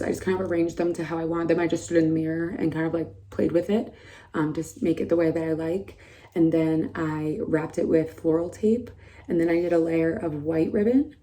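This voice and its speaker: A woman chats through a casual vlog from an indoor mud room, her voice going hoarse. She rambles with many fillers and "like"s, in a lowish, mellow tone. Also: fairly even intonation, a little fast, slight background noise. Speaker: bride vlogging her wedding week.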